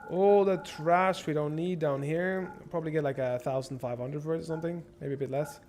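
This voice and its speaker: A young man streaming a strategy game, swearing and thinking out loud as he plans and shops. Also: a little high, fairly even intonation, fairly quick, slight background noise. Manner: profane, rambling, thinks out loud. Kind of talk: casual gameplay livestream commentary.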